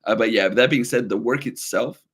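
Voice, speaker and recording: A man's voice: mid-range voice, normal speed, noisy background. Man, 30s, livestream co-host, rambling chatty delivery, reads chat aloud.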